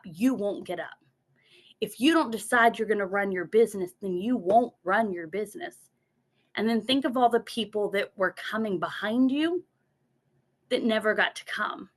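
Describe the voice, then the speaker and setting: Earnest motivational woman speaker. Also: medium pitch. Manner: earnest, repeats words, mimics her inner voice. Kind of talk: motivational talk from notes.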